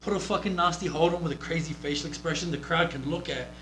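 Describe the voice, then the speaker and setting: A man's voice: fairly high pitch, fast, a bit bright. A man with a New Zealand accent, coaching a wrestler through a casual match review in a blunt, profane, rambling way. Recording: roomy with faint hum.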